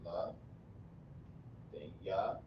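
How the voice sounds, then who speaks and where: A man's voice: sits low, noisy background. Man teaching letters in an echoey room. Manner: slow, repetitive, corrects himself often. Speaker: language teacher. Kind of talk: recorded script lesson. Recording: distant, dull, echoey room recording.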